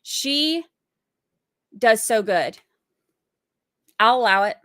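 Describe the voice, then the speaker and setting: A woman's voice: a little high, lively intonation, drawn-out words, a bit bright, dry recording, clean studio sound. A sleep-deprived woman, chatting casually and rambling with giggles as a livestream host. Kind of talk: casual chat.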